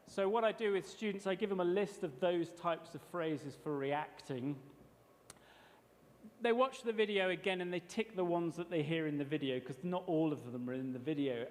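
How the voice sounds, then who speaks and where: Male teacher trainer with a high voice, explaining in a relaxed, chatty way from a reverberant lecture hall. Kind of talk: workshop presentation.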